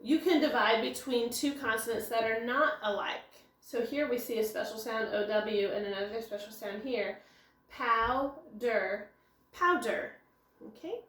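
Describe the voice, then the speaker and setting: A woman's voice: on the high side, normal speed, a bit bright. A woman teacher giving a recorded phonics lesson, explaining step by step and answering her own questions. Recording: echoey room.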